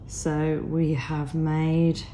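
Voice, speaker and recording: A woman teaching crochet step by step, croaky from a cold, counting stitches aloud in a patient way. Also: low-pitched, completely flat delivery, drawn-out words, mellow, a little hiss or hum. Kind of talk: step-by-step craft tutorial.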